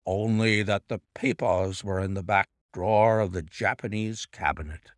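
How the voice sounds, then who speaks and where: A man voicing a calm male doctor who answers gravely and briefly. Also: fairly low pitch, moderate pace, dry recording, clean studio sound, voice pushed down, natural voice.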